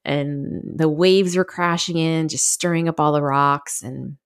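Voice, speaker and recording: A woman's voice: low-pitched, steady tone, measured pace, clean tone. A middle-aged woman hosting a solo podcast, telling a personal story in a candid, chatty way with lots of fillers. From Southern California. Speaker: podcast host.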